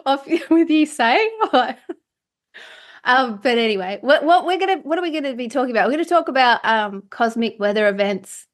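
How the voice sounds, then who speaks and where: A woman's voice: on the high side, lively intonation, a little fast. A woman hosting a podcast in casual chat, playful and laughing often. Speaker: podcast host.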